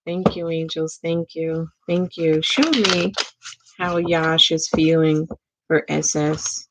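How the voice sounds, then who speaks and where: A woman giving a casual tarot reading, talking slowly to her cards and thanking the angels. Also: sits low, steady tone, heavy background noise. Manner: slow, drawn-out, talks to the cards and angels. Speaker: tarot reader.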